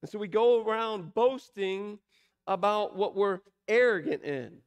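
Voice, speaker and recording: A man preaching a sermon, asking emphatic rhetorical questions and slowing down to stress key words. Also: high-pitched, lo-fi sound. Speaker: pastor.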